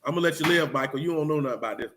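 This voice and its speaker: A man's voice: fairly high pitch, racing, noisy background. A man preaching a blunt, street-talking sermon mixed with scripture reading. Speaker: teacher.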